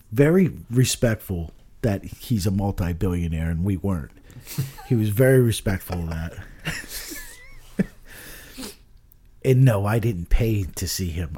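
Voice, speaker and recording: A man's voice: sits low, wildly swooping pitch, unhurried, long pauses, warm tone, husky. A man chatting casually on a podcast, rambling, swearing often and trailing off with "I don't know.". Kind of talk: casual chat.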